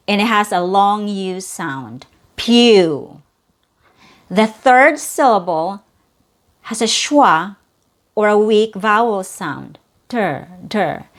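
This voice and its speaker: A woman teaching English pronunciation, modeling each sound and repeating words carefully. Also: medium pitch. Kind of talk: slow, clear pronunciation lesson.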